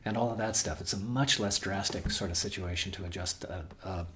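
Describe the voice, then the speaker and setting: In a guitar shop, a man with a low, fairly bright voice hosts the store's weekly video, speaking briskly over a little hiss or hum. He chats with viewers in a rambling, folksy manner, restarting often, and he's losing his voice and keeps coughing.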